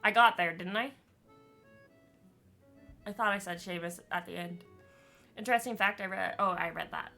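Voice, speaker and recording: A woman's voice: mid-range voice, normal speed, vocal fry, pauses often, bright, forceful tone, soft background music. A woman chatting casually and rambling as she streams a story game, laughing often. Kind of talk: casual chat while gaming.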